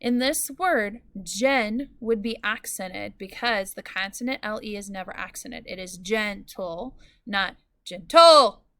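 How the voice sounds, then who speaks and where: A woman teacher giving a recorded lesson to students, explaining clearly and patiently and drawing out example words. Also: medium pitch, a little slow, few pauses, fairly bright tone, dry recording, studio quality.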